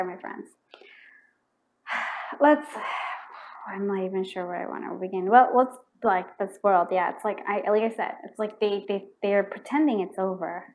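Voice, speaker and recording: A woman's voice: mid-range voice, poor audio. A woman giving a pick-a-card tarot reading, talking in a loose, rambling way full of fillers and restarts, muttering questions to herself as she draws cards and perking up when a card fits. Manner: murmurs repeated questions while drawing cards; excitable, bursts out when a card confirms her read.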